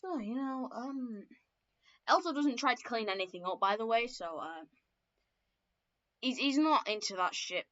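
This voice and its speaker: A woman's voice: a little high, expressive, unhurried, long pauses, fairly bright tone. A young woman casually telling her own story lore, swearing often and stumbling through fillers and self-corrections. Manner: profane, rambling, many fillers and self-corrections. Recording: dull lo-fi recording.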